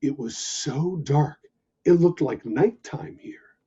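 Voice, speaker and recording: A man reading a children's story aloud with animated, expressive narration. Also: a little high, slow pace, husky. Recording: dull lo-fi recording.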